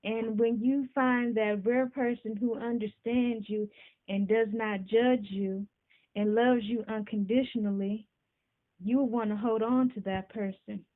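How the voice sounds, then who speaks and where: A woman hosting a podcast, talking casually and warmly about friendship, often asking "you know what I'm saying". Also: a little high, steady tone, unhurried. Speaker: podcast host. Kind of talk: casual talk to camera. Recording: tinny phone-like sound.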